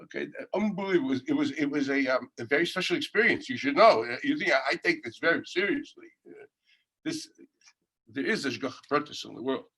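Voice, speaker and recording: A middle-aged rabbi teaching Talmud over a video call. His voice sits a little high, and his delivery is loose and animated, full of stories, laughs and sudden loud quoted lines. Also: fast, husky. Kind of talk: informal Talmud class with storytelling.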